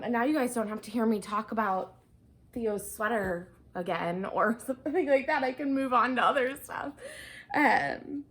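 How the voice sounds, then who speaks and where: Chatty, slightly breathless woman. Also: fairly high pitch. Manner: chatty, bubbly, many ums. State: a bit out of breath. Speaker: knitting podcast host. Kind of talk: casual video podcast chat.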